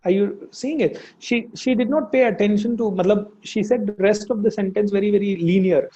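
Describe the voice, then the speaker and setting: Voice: mid-range voice, a little fast, dark tone. An English teacher with an Indian accent, talking through a casual lesson with many fillers and restarts. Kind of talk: casual spoken lesson, mixing in Hindi. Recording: dull lo-fi sound.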